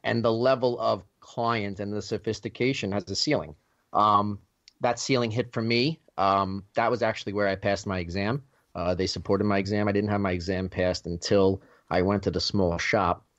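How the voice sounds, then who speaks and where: A man's voice: lowish voice, steady tone, moderate pace, fairly bright tone, dry recording, highs cut off. A man in his thirties with a New York accent, a guest answering interview questions earnestly, with many fillers. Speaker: guest accountant.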